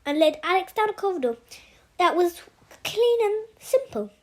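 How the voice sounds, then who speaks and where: High-voiced woman reading haltingly. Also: sing-song. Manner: halting, with frequent restarts and self-corrections. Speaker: audiobook reader. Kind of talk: amateur novel reading.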